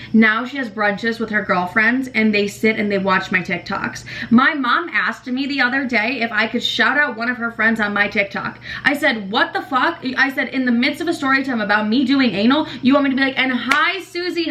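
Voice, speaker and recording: A woman's voice: fairly high pitch, a bit bright, slight background noise, rough recording. A young woman in her twenties hosting her own podcast, chatting casually and animatedly, full of "like" fillers and swearing. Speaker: podcast host. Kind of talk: casual confessional chat.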